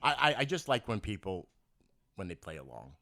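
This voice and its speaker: A man's voice: on the low side, brisk. A man with a New York accent co-hosting a podcast, chatting casually and telling stories with lots of laughter. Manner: animated storytelling, laughs often, slips into put-on accents. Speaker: podcast co-host. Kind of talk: casual chat. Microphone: podcast mic.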